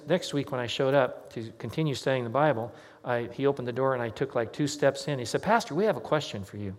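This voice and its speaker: A man preaches in a church, telling a story the way he would at a kitchen table and voicing each person he quotes. His voice sits in an ordinary middle pitch. A long reverb tail hangs after his words in a large hall. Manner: conversational, anecdotal, acts out quoted dialogue. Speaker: pastor.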